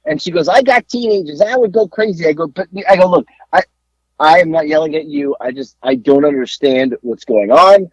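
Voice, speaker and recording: A man co-hosting a podcast, telling a story in a casual, animated way and acting out the people he talked to on the phone. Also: on the high side, a little fast, no echo. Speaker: podcast co-host. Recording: dull lo-fi dry sound.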